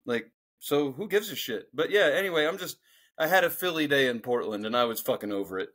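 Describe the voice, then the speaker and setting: Man, middle-aged, high voice, lively swooping delivery, profane ranting storyteller, casual podcast chat. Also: quick pace. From Philadelphia. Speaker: podcast co-host.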